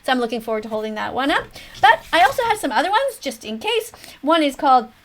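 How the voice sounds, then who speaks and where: High-voiced teacherly woman in her fifties. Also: fast. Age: 50s. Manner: animated, schoolteacher tone. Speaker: teacher hosting a reaction video. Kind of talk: mock classroom commentary.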